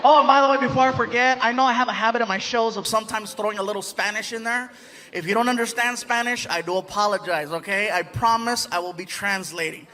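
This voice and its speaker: A man doing stand-up, animated storytelling, acting out voices and laughing at his own jokes on a theater stage. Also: very high voice, fast talker. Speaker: stand-up comedian. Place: theater stage before a live audience.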